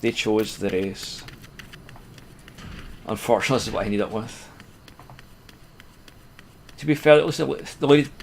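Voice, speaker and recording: A man's voice: mid-range voice, gravelly, a little hiss or hum. A Scottish man streaming a video game, commenting casually in a dry, self-deprecating way. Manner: dry, self-deprecating, reads quest text aloud. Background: game music.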